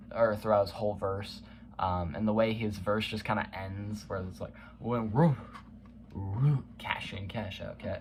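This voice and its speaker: A man's voice: on the low side, slight background noise. A young man casually counting down his favorite songs, enthusiastic, humming and scatting bits of the music. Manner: enthusiastic, hums and scats song parts, many fillers. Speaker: music reviewer. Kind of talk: casual spoken countdown review.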